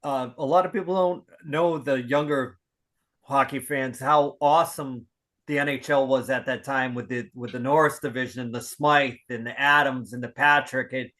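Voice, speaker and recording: A podcast host in casual chat, an enthusiastic fan who halts and restarts. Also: male voice, mid-range voice, steady tone, moderate pace, fairly bright tone.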